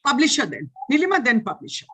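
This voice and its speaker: Older indian lady lecturing on a video call, high-ish husky voice, keeps asking "right?". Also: quick pace. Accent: Indian English. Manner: animated, teacherly, checks listeners with "right?". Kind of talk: online lecture Q&A. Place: online video meeting.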